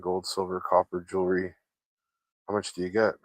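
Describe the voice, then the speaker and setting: A man with a fairly low voice talks loosely to his viewers, drifting from one story to the next and swearing often. The sound is dry and close, with no room around it. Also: completely flat delivery, moderate pace, no echo. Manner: loose, chatty, swears freely, laughs often. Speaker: vlogger chatting with viewers. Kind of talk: casual rambling chat.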